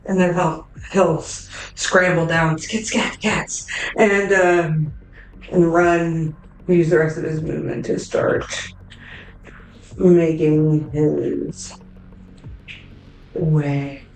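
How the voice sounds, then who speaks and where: A woman's voice: sits low, steady tone, very slow, long pauses, reverberant, recorded from a distance, a little hiss or hum, poor audio. A woman narrating a tabletop game as game master, casual and full of fillers, swearing freely.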